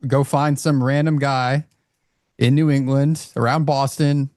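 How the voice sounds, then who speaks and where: A man's voice: mid-range voice, little pitch movement, unhurried, a little mellow, no echo, clean studio sound. A man co-hosting a live trading show, joking in playful banter. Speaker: co-host. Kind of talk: casual live-stream chat.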